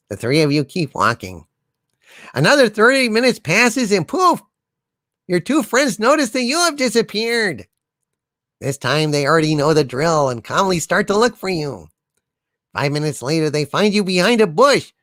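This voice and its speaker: Lively, bright-voiced streamer telling jokes. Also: male voice, high voice, moderate pace, dry recording, studio quality. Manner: playful, theatrical joke telling. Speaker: livestream comedy host. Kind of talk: casual livestream chat.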